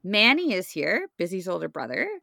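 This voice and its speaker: A woman's voice: fairly low pitch, big pitch swings, moderate pace, creaky, sharp tone, no room sound, clean studio sound. A woman co-hosting a podcast in casual chat, leading the episode recap and laughing often. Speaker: podcast co-host.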